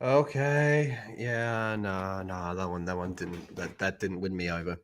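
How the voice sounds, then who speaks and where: A man's voice: low voice, steady tone, a little slow, a little hiss or hum. An Australian man hosting a live stream, talking in a crude, joking way and swearing often. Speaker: streamer host. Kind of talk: casual live-stream chat.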